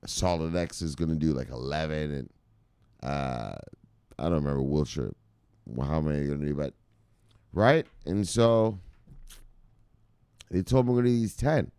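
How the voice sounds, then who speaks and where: A man presenting crypto news in an excitable, casual, profane way, talking to viewers like brothers. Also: rumbling low, normal speed, long pauses, clean tone, no echo.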